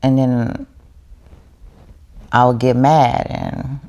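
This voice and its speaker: A woman's voice: extremely low pitch, steady tone, very slow, darkish tone. A woman, a podcast guest, telling her story in casual chat in a heartfelt, reflective way.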